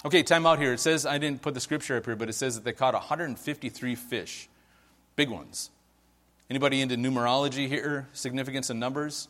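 A man preaching a casual, conversational sermon, telling a story with lively acted-out quotes and frequent "right?" asides. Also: medium pitch, brisk. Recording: long hall reverb.

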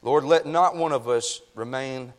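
A man's voice: medium pitch, unhurried. A man preaching a sermon as pastor, reading scripture and praying, folksy and addressing the congregation directly. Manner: folksy, talks to the congregation with "y'all". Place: church sanctuary.

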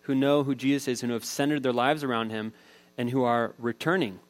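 A man preaching a sermon as a pastor, talking in a relaxed, conversational way and telling everyday stories. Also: mid-range voice, fairly quick, low-quality recording.

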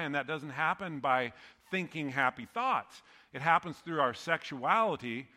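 A man's voice: a little high, sharp tone. A man preaching a sermon as pastor, conversational and joking, often laughing at his own lines. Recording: long hall reverb.

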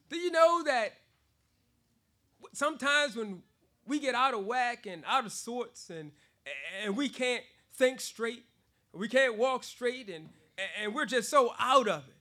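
A man preaching a sermon in an animated way. He laughs often between phrases and repeats words for emphasis. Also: very high-pitched.

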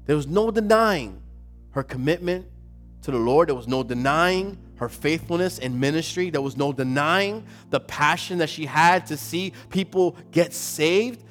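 A male pastor delivering a sermon with a fairly high voice, driving his points home through repeated phrases that swell into loud, emphatic questions. Soft music plays faintly underneath. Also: animated, measured pace.

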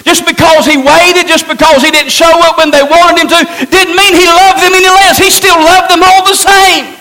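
A man's voice: very high-pitched, steady tone, moderate pace, pushed and bright, low-quality recording. A man preaching a sermon to his congregation, teaching in an emphatic way and asking rhetorical questions. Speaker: pastor.

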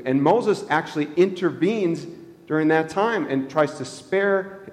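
A man's voice: fairly high pitch, measured pace, darkish tone. A man pastor giving a conversational sermon in a church, asking the congregation questions and chuckling at his own jokes. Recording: long hall reverb.

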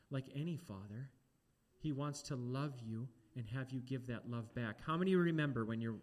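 A man preaching a sermon, animated and talking straight to the congregation with questions. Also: medium pitch.

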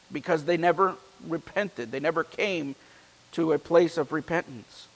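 A man with a fairly high voice preaches a sermon in a church, and his words ring out with a long hall reverb. He reads scripture with strong emphasis, then slips into easygoing, joking asides with the congregation. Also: normal speed. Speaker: pastor.

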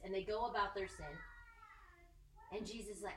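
A woman giving a casual, animated sermon, joking and acting out the people she quotes. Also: mid-range voice, moderate pace, background noise. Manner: animated, jokey, acts out quoted voices. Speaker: preacher. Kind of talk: conversational sermon. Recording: echoey room, mic at a distance.

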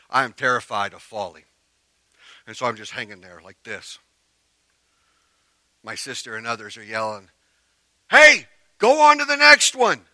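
A man preaching a sermon as pastor, telling a story with animated emphasis that drops to quiet earnestness. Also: fairly low pitch, no echo.

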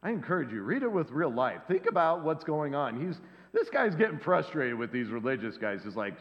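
A man's voice: fairly high pitch, fairly quick. A man preaching a sermon, acting out the voices of the people in the scripture story. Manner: lively, acts out the voices in the story. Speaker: pastor. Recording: dull lo-fi sound with long hall reverb.

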